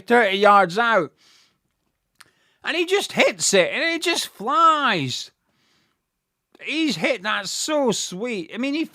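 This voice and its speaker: A man giving live fan commentary on a football match, excitable and swearing freely, bursting into shouts at big moments. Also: sits high, no room sound, clean studio sound.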